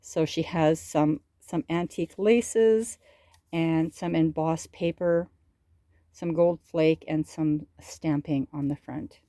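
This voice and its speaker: Middle-aged woman, crafting vlogger, slow and mellow, chatty show-and-tell. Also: deep voice, steady tone, no room sound. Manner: chatty, gushing over crafts.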